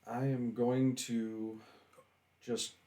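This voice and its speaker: A man playing in a tabletop game who speaks in a slow, measured way. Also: mid-range voice, flat delivery, mellow. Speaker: player.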